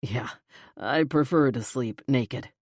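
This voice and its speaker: A gentle, confident young man with a low, soft, tender delivery, put on by a woman narrating. He murmurs rather than speaks, in a deep register. The recording is dry and close, with no room sound, as in an audiobook. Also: slow pace, no room sound, full character voice.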